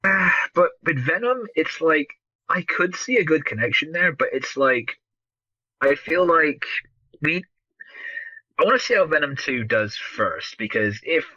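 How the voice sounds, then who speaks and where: A man's voice: medium pitch, sharp tone, dry recording, muffled recording. A man in casual podcast film talk, opinionated and profane, slipping into mocking impressions.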